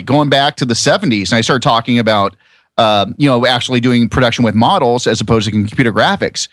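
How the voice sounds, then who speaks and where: A man on a podcast panel telling a rambling, profane story in a casual, animated way. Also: mid-range voice, fast talker, no echo, studio quality. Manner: animated, swearing, storytelling with quoted voices.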